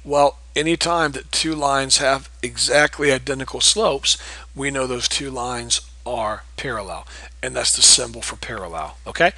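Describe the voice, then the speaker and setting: Male teacher, bright edgy tone, a bit husky; patient, repeats key points with frequent "okay?" checks. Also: medium pitch, moderate pace, no room sound, rough recording. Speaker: math teacher. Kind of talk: recorded geometry lesson.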